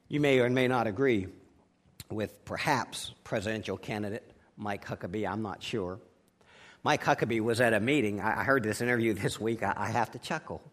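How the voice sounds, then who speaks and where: A man preaching a sermon as pastor, emphatic and telling anecdotes with a chuckle. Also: medium pitch. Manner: preachy, emphatic delivery with rising and falling volume.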